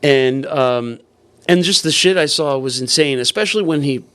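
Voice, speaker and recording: A man's voice: on the high side, moderate pace, a bit bright, clear, resonant tone. A man, a comedian guest, telling a long story casually, full of restarts and swearing. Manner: rambling with many restarts and swearing.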